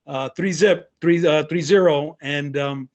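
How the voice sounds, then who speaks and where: A man's voice: a little high, measured pace. A man hosting a podcast, telling stories eagerly in a casual interview and using many fillers. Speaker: podcast host.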